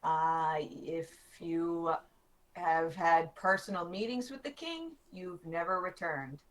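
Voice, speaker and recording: A woman narrating as game master in a tabletop game, lively and quick to act out townsfolk. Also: fairly low pitch, poor audio.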